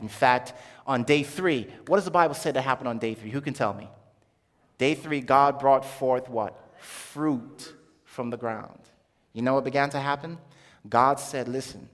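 A young adult man giving an animated testimony sermon as a preacher, acting out quoted voices as he tells his story. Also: mid-range voice. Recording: long hall reverb.

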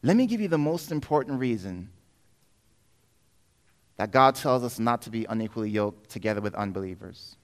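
A male preacher delivering a sermon in an animated way, acting out quoted voices and swinging between loud passages and hushed ones. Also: medium pitch, normal speed, long pauses.

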